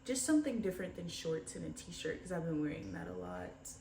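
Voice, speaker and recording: A young woman talks candidly into a camera set some way off, rambling and low in spirits. Her voice carries a roomy echo, and a faint hum of ambience sits under it. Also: expressive, fairly quick, gravelly, recorded from a distance. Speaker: vlogger. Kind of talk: casual diary vlog.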